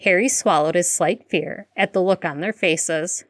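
A woman reading fan fiction aloud as narrator in a steady, measured way. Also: on the low side, no room sound, clean studio sound.

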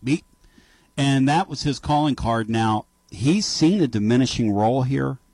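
Animated man hosting sports call-in radio. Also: mid-range voice, no room sound. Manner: animated and emphatic, quick back-and-forth with callers. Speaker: sports talk radio host.

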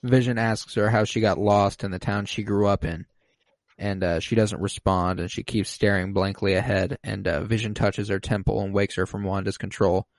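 A man on a casual podcast, recapping an episode and acting out quoted lines with sudden jumps in pitch. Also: fairly even intonation, normal speed, no room sound. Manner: recaps plot, acts out quoted lines in a raised voice.

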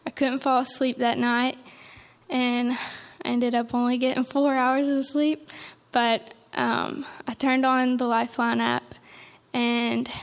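Earnest young woman giving church testimony. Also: a little high. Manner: earnest, emotional retelling with frequent restarts. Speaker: testimony speaker.

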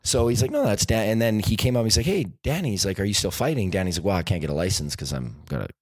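A man on a podcast telling animated stories and acting out the voices of the people in them. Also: fairly low pitch, fast talker, no echo. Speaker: documentary filmmaker guest. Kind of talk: podcast interview storytelling.

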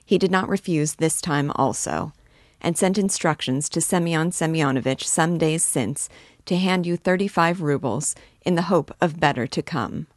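A timid male office messenger, fussy and overly polite, as a woman reads him. He speaks in a low voice with a dry, close sound. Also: moderate pace, no echo. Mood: deferential.

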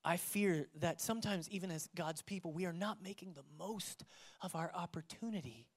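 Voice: medium pitch, normal speed. Dynamic pastor preaching to a congregation. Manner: dynamic preaching, swings between loud emphasis and hushed tones; engages the congregation with direct questions. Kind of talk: sermon. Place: church before a live congregation.

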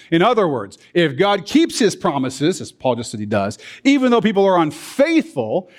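Male pastor, animated and emphatic, slightly high voice, walks listeners through scripture with blunt remarks. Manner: lively, emphatic teaching with blunt asides. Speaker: pastor teaching a Bible study. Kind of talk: sermon.

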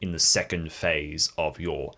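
A man's voice: extremely low pitch, a little slow. A man running a tabletop game as game master, laughing often and slipping into character voices. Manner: laughing, animated, jumps into many character voices.

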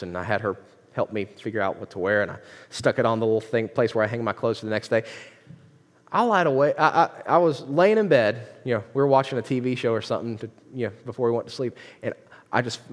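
A man's voice: mid-range voice, fast. A man preaching a sermon as pastor, casual and conversational, with filler words and restarts. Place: church hall. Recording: long hall reverb.

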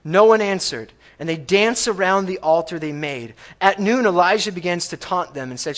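A man preaching a sermon in a church, talking in a conversational way and checking in with the congregation, going from loud emphatic lines to hushed reading. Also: high voice, lively intonation, normal speed, few pauses. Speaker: pastor. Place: church sanctuary.

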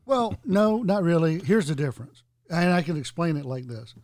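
A fairly high-voiced man chats loosely and jokingly, wandering from point to point. The sound is dry and close, with no room around it. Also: lively intonation, measured pace, a little mellow, no echo. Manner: rambling, jokey, digressive storytelling. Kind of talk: casual podcast chat.

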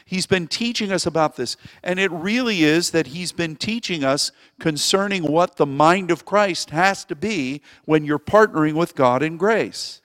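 A man's voice: fairly high pitch, a little slow, hardly any pauses, a bit bright, no room sound, clean studio sound, long reverb tail. A man preaching a sermon as pastor, rambling and anecdotal, often restarting his phrases. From Springfield, Missouri.

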